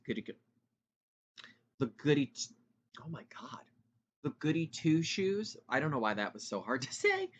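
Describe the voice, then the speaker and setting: Young male podcast host, chatty and loud, bright voice, lo-fi dull recording. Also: mid-range voice. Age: 20s. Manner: talks fast and loud, rambling asides. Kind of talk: casual solo podcast chat.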